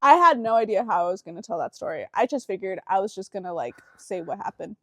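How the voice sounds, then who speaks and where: A young woman co-hosting a podcast with her brother, telling stories in animated, swearing casual chat. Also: medium pitch, quick pace, dry recording. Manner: animated storytelling, swears freely. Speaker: podcast co-host.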